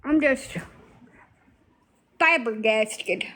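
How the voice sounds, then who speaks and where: A woman's voice: fairly high pitch, very slow, a bit bright. A woman talking bluntly to viewers on a casual livestream, swearing freely.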